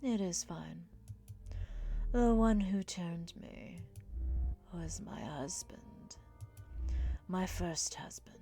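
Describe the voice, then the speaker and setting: A woman voicing a sorrowful female vampire ghost who speaks formally in a slow, half-whispered hush. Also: on the low side, soft background music.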